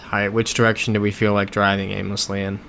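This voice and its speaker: A man in a relaxed, rambling livestream chat, reading out messages from viewers and answering them easily. His voice sits somewhat low, with a faint hum of noise behind him. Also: fast talker, vocal fry. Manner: chatty, reads viewer comments aloud and reacts to them; laid-back, with soft chuckles. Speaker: livestream host. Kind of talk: casual livestream chat while playing a geography game.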